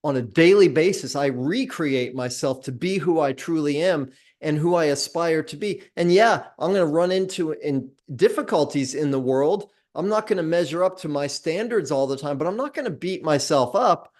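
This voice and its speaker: A man with a slightly high voice gives an earnest motivational talk. He slows his delivery to stress the key points. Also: expressive, a little mellow.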